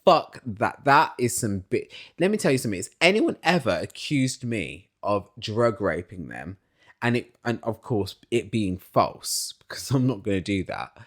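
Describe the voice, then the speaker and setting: A man recapping a reality show in casual commentary, opinionated and swearing, mimicking cast members and dropping from loud outbursts to quiet asides. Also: fairly low pitch, normal speed. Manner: swings between loud excited bursts and quiet asides.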